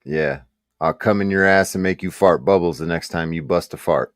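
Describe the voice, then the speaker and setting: A man's voice: low-pitched, normal speed, no room sound, clean studio sound. A man in a heated voice chat, taunting and mocking with crude insults.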